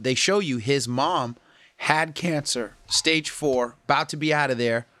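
This is a man with a mid-range voice, recorded dry, speaking casually to camera as a fitness and health vlogger. He motivates and coaches his viewers about health in an earnest, slangy way, turning animated when he quotes others.

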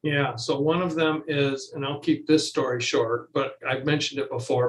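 A middle-aged man talking slowly and reflectively as an interview guest, often pausing and restarting his sentences. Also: medium pitch, fairly even intonation, low-quality recording. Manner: halting, searching, many restarts.

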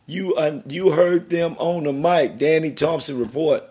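A man's voice: fairly high pitch, unhurried, darkish tone. A middle-aged man hosting a podcast interview, talking in an emphatic, preachy, rambling way about worth and family. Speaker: podcast host.

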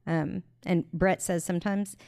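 Woman on a podcast, warm-hearted encouraging tone, dry close sound. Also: lowish voice, steady tone, a little slow, creaky, no echo. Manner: earnest, encouraging, faith-based advice. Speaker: podcast co-host. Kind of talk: casual podcast chat.

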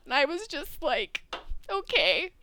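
A woman co-hosting a casual chat, gushing and animated, swearing for emphasis. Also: high voice, moderate pace, noisy background. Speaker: podcast co-host. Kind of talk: casual chat, fan recap.

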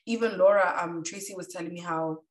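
A woman's voice: lowish voice, brisk. A woman co-hosting a casual chat, talking loosely with many fillers. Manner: chatty, lots of "like" fillers. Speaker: podcast co-host. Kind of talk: casual chat reviewing a reality show. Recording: echoey room, a bit far from the mic.

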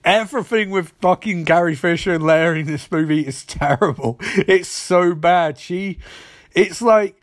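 A man's voice: sits high, a little slow, dry recording, studio quality. A man giving a profane, ranting movie review, poking fun at the film with mocking little voices for its characters. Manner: animated, sweary, mocking voices for quoted characters.

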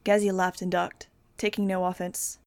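A woman's voice: lowish voice, moderate pace, no room sound, studio quality. Young woman reading an audiobook. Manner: steady, plain first-person storytelling. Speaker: audiobook reader. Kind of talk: amateur audiobook narration.

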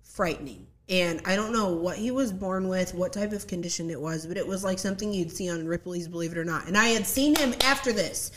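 A young woman telling a story in casual chat, animated and acting out the quotes, laughing often. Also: lowish voice, brisk, few pauses. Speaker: podcast guest.

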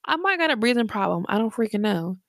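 A woman's voice: a little high, big pitch swings, quick pace, no echo, clean studio sound. A tired, slightly breathless young woman hosting her podcast late at night from her bedroom, chatting casually in a rambling, slangy way with lots of fillers. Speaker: podcast host. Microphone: headphones and desk mic.

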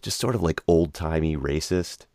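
A man's voice: a bass voice, normal speed, darkish tone, no room sound, clean studio sound. A man co-hosting a podcast, chatting casually and telling stories in a sarcastic, profane way. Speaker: podcast co-host.

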